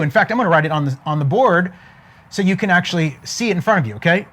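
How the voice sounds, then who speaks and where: High-voiced emphatic motivational speaker. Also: male voice, animated, fast, fairly bright tone. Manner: emphatic, with frequent "okay?" check-ins; storytelling, building to a punchline. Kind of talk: motivational talk to an online audience.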